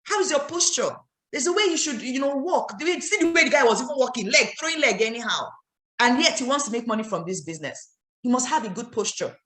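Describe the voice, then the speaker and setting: A woman's voice: fairly high pitch, a bit bright, echoey room. A woman with a Nigerian accent giving an emphatic motivational training talk as a network marketing trainer, scolding her listeners with rhetorical questions.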